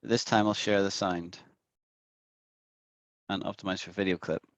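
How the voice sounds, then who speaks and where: A man's voice: deep voice, fairly even intonation, a little slow, no echo. A man with an Irish accent teaching an online English lesson over a video call, patiently repeating words to demonstrate them. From Ireland.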